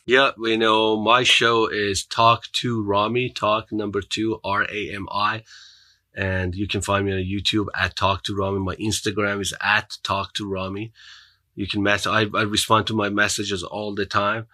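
Accented male guest, earnest motivational storyteller, low and forceful. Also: level tone, measured pace, no echo. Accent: foreign accent. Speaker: podcast guest. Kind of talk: storytelling in an interview.

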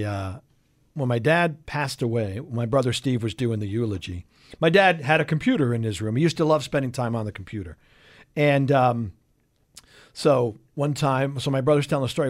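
A man's voice: medium pitch, fairly quick. A man co-hosting a sports radio show in casual, self-mocking banter. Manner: joking, self-mocking, animated.

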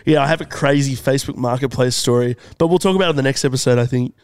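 A man's voice: medium pitch, racing, darkish tone, no echo, clean studio sound. A man co-hosting a comedy podcast, playful, tossing out silly questions and laughing often. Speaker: podcast co-host. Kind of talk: casual podcast chat.

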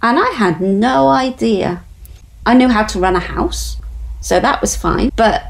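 A woman's voice: on the high side, measured pace, gravelly, poor audio. A woman, a guest in an interview, telling her story in an earnest, faith-driven way.

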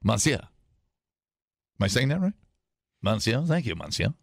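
A hoarse man hosting a casual talk show, joking and reading an article aloud, often slipping into mock voices. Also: mid-range voice, sing-song, racing, no room sound, studio quality. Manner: jokey, slips into mock voices and impressions. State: hoarse, losing his voice.

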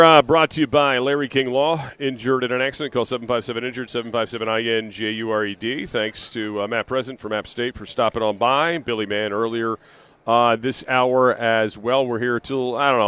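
A man's voice: on the low side, a bit bright, clean tone. A man hosting a live sports talk radio show from an arena, talking casually with plenty of fillers and restarts. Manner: conversational, rambling with fillers and restarts.

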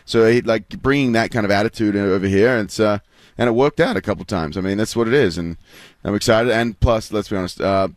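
A man's voice: fairly low pitch, fairly quick, no room sound. A man with an Australian accent, chatting as a guest in a casual interview, rambling with fillers and restarts. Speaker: guest athlete.

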